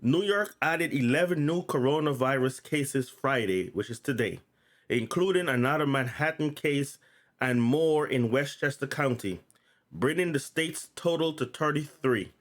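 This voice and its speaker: A man's voice: mid-range voice, expressive, unhurried. Stuttering man vlogging. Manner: stutters, repeats and restarts words. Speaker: channel host. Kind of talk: casual vlog, reading news notes aloud.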